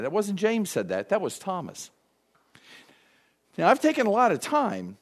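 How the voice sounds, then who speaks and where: A lively male preacher delivers a sermon, his pitch leaping high and low as he plays out the people he quotes. His voice sits a little high for a man. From United States. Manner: animated, acts out quoted voices. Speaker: pastor.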